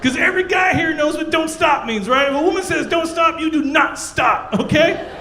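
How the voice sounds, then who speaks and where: High-voiced brash comedian on a club stage. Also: male voice, brisk, pushed and bright, raised voice. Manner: brash, profane, acts out both sides of stories. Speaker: stand-up comedian. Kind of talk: stand-up comedy set. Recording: roomy club with audience noise. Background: audience laughter.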